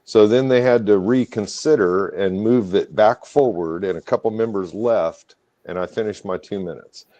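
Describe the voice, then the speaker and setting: A man in casual podcast chat, relaxed and quick to laugh, sometimes arguing the other side. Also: on the low side, dull audio. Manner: relaxed, laughs easily, plays devil's advocate. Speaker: co-host.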